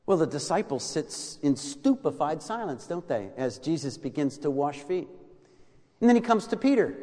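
A man preaching a sermon, rising to loud emphatic lines and dropping to hushed ones. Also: fairly high pitch, very animated, fairly quick. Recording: long hall reverb.

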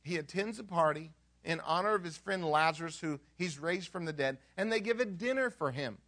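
A pastor preaches with a high, bright voice. He tells the story conversationally, stops to quiz the congregation, and acts out the characters as he goes. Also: expressive, brisk. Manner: conversational, asks the audience questions. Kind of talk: sermon.

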